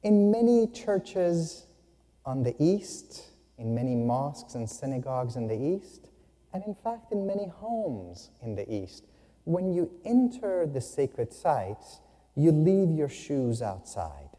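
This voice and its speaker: Slow, mellow man telling spiritual stories. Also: on the high side. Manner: humorous, unhurried, expressive storytelling. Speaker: speaker. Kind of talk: spiritual talk with storytelling. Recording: long hall reverb.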